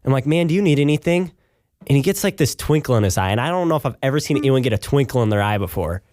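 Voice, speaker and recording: Young male podcast guest, lively storyteller with a jokey, animated delivery. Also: mid-range voice, very fast. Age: young adult. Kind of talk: casual chat.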